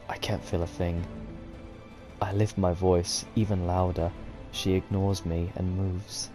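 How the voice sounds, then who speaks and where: Guy reading visual novel text out loud, kinda low voice, real slow and careful, quiet game music under it. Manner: slow, measured reading of game text with occasional sworn reactions. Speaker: gaming video host.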